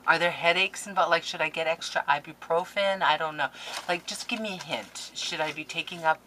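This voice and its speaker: A woman's voice: sits low, moderate pace, pushed and bright, a little hiss or hum, low-quality recording. A woman scrapbooking vlogger opening a package on camera, gushing and playfully melodramatic in a casual chat. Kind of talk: casual unboxing vlog.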